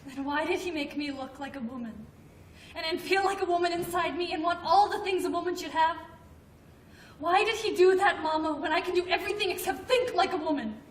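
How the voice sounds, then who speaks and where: A woman's voice: extremely high pitch, a little fast. An actress playing a childlike, anxious grown woman who talks earnestly and stammers when upset. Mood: pleading. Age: adult. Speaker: grandmother's grown daughter. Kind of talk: film drama acting. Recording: roomy, distant film sound, faint noise.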